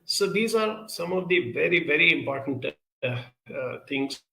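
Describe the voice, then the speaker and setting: A man answering audience questions in a reflective advice talk, speaking in a measured, deliberate way with frequent pauses. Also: fairly high pitch, lively intonation, vocal fry, sharp tone, echoey room, poor audio.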